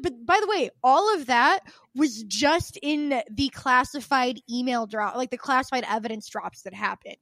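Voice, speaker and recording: A woman with a high, bright voice riffs on a podcast in loose, casual chat. She rants with open exasperation, swears freely and slips into other voices to act out the people she quotes. The sound is dry and close, with no room around it. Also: no echo. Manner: acts out quoted people with shifts of voice. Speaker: podcast co-host.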